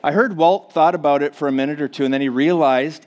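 A man's voice: fairly high pitch, quick pace. Casting: forties male pastor, Minnesotan accent, folksy and self-mocking, chatty sermon delivery. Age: 40s. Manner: joking, self-deprecating, chatty with many fillers. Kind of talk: casual sermon to a congregation.

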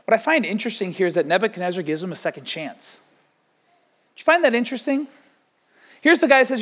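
A man preaching a sermon as pastor, lively, acting out quotes and stories. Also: high voice, fast, long pauses. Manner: animated, acts out quotes and stories.

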